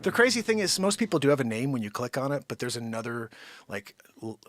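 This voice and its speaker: A man hosting a daily live comedy stream, rambling and joking, swinging from loud bursts to muttered asides. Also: medium pitch, big pitch swings, fast talker, over loud music. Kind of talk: unscripted live comedy chat. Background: his own intro song playing.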